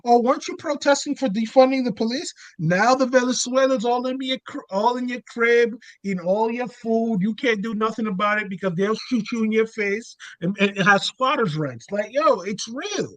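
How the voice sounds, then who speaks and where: A man's voice: very high voice, normal speed, hardly any pauses, a bit bright, no echo, rough recording. A man co-hosting a casual boxing talk show, talking in slangy, teasing banter. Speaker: podcast co-host.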